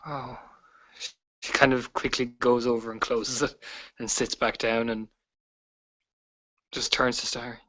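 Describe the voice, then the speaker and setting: A man's voice: medium pitch, level tone, measured pace, pauses often, bright, forceful tone, highs cut off. A man casually narrating and voicing his character in a tabletop game, with hedges and small laughs. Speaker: player.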